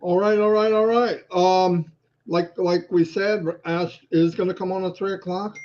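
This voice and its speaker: A man co-hosting a live stream in casual chat, joking and animated, heard through a video call mic. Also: high-pitched, measured pace, lo-fi sound.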